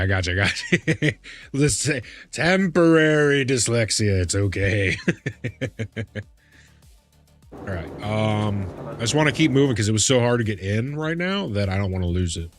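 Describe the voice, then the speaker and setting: A man's voice: lowish voice, dry recording. Chummy male streamer, dry close mic. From Midwest US. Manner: chummy, calls chat "big man", hypes up viewers. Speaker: game streamer. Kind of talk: casual live-stream chat while gaming.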